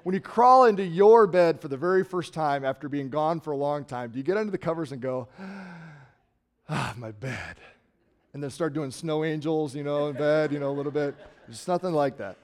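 Conversational middle-aged pastor, slightly high voice. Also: male voice, brisk, few pauses, clean tone. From Nebraska, USA. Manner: conversational, swings from loud emphasis to quiet trailing. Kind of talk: sermon.

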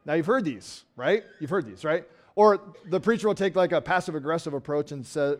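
A man's voice: fairly high pitch, fairly quick, hardly any pauses. A pastor preaching a sermon to his congregation in a church, talking conversationally and asking rhetorical questions. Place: church sanctuary.

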